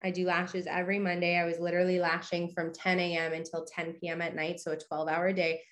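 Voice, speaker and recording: A woman's voice: fairly low pitch, monotone, fast, fairly bright tone. Chatty upbeat young woman podcast host. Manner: chatty and upbeat, full of "you know" and "okay". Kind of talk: casual motivational monologue.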